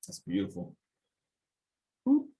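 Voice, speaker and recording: A young man, a basketball trainer, casually talking through game footage, getting animated and exasperated as he goes. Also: slow, low-quality recording. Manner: animated, gets worked up and exasperated. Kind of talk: casual film-breakdown commentary.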